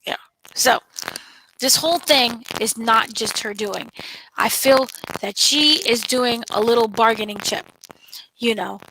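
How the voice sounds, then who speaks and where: A woman with a bright, forceful, rather high voice talks through an episode recap in loose, casual chat. She retells scenes with lively energy and slips into playful little voices. A faint hiss sits under the recording. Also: measured pace, low-quality recording. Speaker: entertainment editor, co-host.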